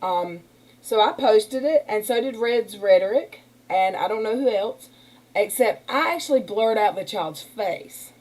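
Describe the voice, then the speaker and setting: A woman's voice: medium pitch, expressive, measured pace, a little mellow, poor audio. A woman hosting a casual livestream, talking in a rambling, indignant way. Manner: rambling, indignant, uses y'all. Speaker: livestream host. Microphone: computer mic on a stream.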